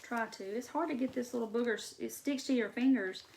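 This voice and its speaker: A woman's voice: on the high side, brisk, gravelly, a little mellow. A woman with a Mississippi accent, chatting casually as she hosts a live crafting video and gushes over her decor. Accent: Southern US, Mississippi. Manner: chatty, gushing, Southern drawl. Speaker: crafting host.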